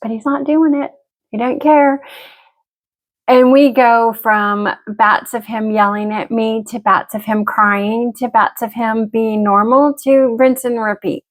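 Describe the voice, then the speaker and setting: A woman's voice: fairly high pitch, steady tone, measured pace. A middle-aged woman venting frankly and emotionally to camera as she gets ready, swearing freely. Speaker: vlogger. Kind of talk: candid talk to camera while getting ready.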